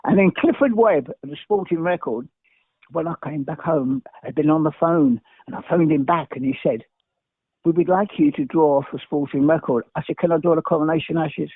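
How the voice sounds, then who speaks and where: A man's voice: a little high, dry recording. An older man from England telling stories at speed, jumping from one tale to the next and tripping over his own words. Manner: talks very fast, jumps between stories, stumbles and restarts. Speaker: guest. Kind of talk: animated anecdotal storytelling. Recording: dry, tinny phone-like line.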